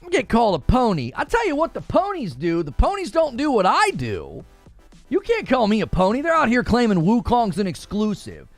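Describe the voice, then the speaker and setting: A man rants in a heated, sarcastic gaming podcast. His voice sits high and swoops all over as he vents. The sound is dry and close, with faint music underneath. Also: huge pitch swings, a little fast, dry recording. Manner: exasperated, ranting, sarcastic. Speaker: gaming news co-host.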